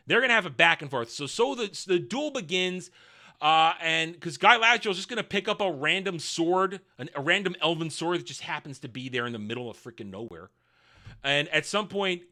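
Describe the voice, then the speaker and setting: Sex: man. Role: video reviewer. Style: sarcastic ranting commentary. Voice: high and piercingly bright. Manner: sarcastic, mocking, repeats words when excited.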